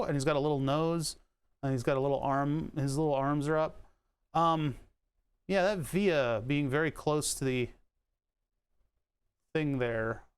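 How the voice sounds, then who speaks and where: A man's voice: fairly high pitch, smooth. A man casually livestreaming a keyboard repair, rambling and swearing as he works. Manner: profane, rambling, self-amused. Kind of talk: casual livestream chat while working. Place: home room with air conditioning running.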